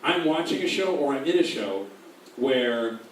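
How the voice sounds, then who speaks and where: A man's voice: mid-range voice, unhurried. Joking man in a very echoey hall. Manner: rambling, jokey, animated. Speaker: voice actor on a convention panel. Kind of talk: convention panel Q&A. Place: large convention room. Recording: very echoey hall, distant mic, faint noise.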